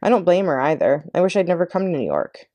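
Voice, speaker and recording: A woman voicing a gentle, downcast male cricket in a storybook, speaking softly. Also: fairly low pitch, big pitch swings, quick pace, no room sound, dull audio. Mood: glum.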